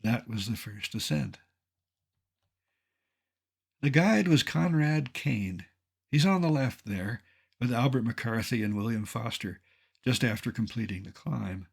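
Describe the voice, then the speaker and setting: An older man tells his climbing story over a slideshow, his voice gravelly with a husky edge. He keeps a mid-range pitch and reads from a script. His humor is dry and deadpan. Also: unhurried, long pauses. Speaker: mountaineer narrating a slideshow. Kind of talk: scripted narration.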